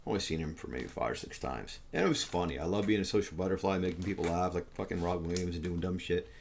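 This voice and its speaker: A man hosting a casual podcast, talking in an excitable, profane, rambling way. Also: sits low, quick pace, creaky, slight background noise. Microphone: camera setup.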